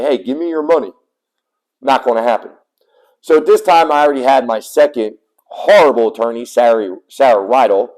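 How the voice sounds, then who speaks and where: A man in a heated, profane rant straight to camera, blunt and emphatic, with sudden loud bursts as he tells his story. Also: medium pitch, rough recording. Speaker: small business owner telling his custody story.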